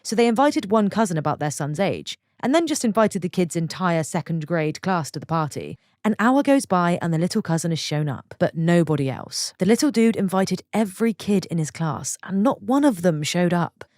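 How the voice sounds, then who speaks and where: A woman reading online stories aloud and reacting to them with chatty, expressive commentary between readings. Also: lowish voice, normal speed, few pauses, no echo, studio quality. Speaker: story narrator.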